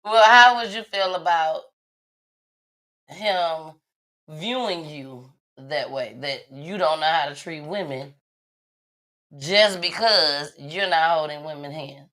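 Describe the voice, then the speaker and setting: Bright-voiced blunt woman podcast host. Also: deep voice, takes it slowly. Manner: blunt, laughing, swearing, talks to viewers. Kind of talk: casual chat.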